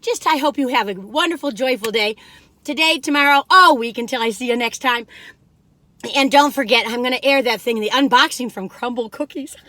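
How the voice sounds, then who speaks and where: A woman's voice: high voice, bright, forceful tone, no room sound. A woman chatting through a cookie taste-test, humming and singing snippets between bites and talking with her mouth full. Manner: chatty, breaks into snippets of song; talks while chewing, savoring sounds. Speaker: food reviewer. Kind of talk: casual taste-test chat.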